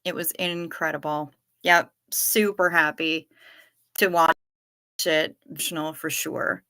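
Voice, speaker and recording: A woman chats to her livestream viewers in an unhurried, drawn-out way. Her voice is bright and a little sharp, and the sound is dry and close. She jokes, swears and circles back through her stories as she reads comments aloud. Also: low voice, level tone, no room sound. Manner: jokey and profane, musing aloud with restarts. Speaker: livestream host reading viewer chat. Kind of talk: casual chat.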